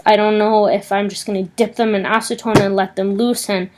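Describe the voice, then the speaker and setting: A woman's voice: medium pitch, little pitch movement, brisk, background noise. A young woman vlogging, telling an indignant, agitated story in a casual rant.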